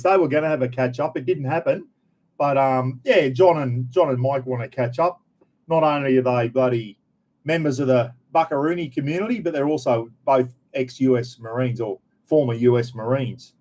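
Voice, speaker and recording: A man's voice: mid-range voice, a little mellow. A middle-aged Australian man hosting a casual live chat, rambling and friendly, calling everyone mate as he greets viewers. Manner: rambling, chatty, frequent "bloody" and "mate". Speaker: livestream host.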